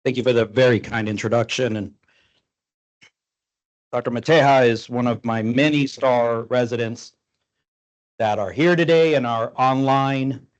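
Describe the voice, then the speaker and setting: A man's voice: medium pitch, measured pace, pauses often, lo-fi sound. A man in his fifties giving a conversational grand-rounds lecture to doctors, with rhetorical questions and some fillers. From Tampa, Florida.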